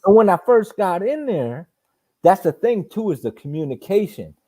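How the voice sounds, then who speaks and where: Animated man telling profane boxing stories. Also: high-pitched, moderate pace, no echo. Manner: animated, profane, acts out punches with sound effects. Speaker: host of a live boxing chat. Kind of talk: casual storytelling chat.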